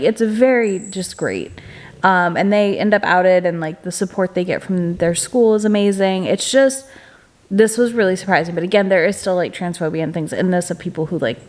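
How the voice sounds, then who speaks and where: A young woman chatting casually in a reading vlog at home, upbeat and full of fillers and restarts. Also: fairly low pitch. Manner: hushed late-night whisper. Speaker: book vlogger.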